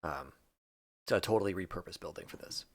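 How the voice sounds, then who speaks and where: A man's voice: deep voice, fairly quick, no room sound. A man narrating a tabletop game as game master, loose and full of fillers.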